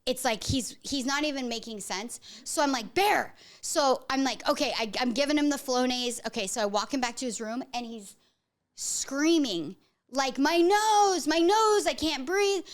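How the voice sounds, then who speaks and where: High-voiced rambling mom storyteller. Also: female voice, normal speed. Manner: animated, rambling, heavy use of "like". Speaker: podcast host; mother. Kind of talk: casual storytelling chat.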